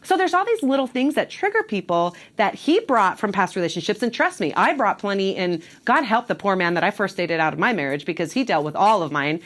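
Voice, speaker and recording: A woman's voice: medium pitch, big pitch swings, brisk, few pauses. A woman who works as a divorce coach, giving emphatic advice straight to camera and checking in with "okay?" and "right?". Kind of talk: direct-to-camera advice talk.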